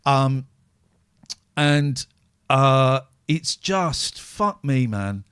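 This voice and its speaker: Speaking very slowly yet animatedly, a middle-aged man hosts a candid podcast chat in a medium-pitched, slightly bright, smooth voice. The studio recording is clean with no echo, and he comes across as exhausted, raw, emotional, and heavily profane.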